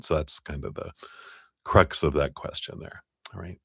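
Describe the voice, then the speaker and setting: A man giving casual live tarot readings on a stream, talking in a gentle, rambling, encouraging way. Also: a bass voice, steady tone, moderate pace, vocal fry, long pauses, slightly rough, no room sound, studio quality. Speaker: tarot reader.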